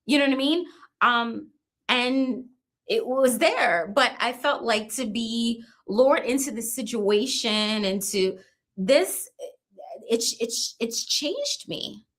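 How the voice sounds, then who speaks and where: Halting woman in her fifties, fairly high. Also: lively intonation. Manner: halting, restarts and repeats "you know what I mean". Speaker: interview guest. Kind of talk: emotional personal account.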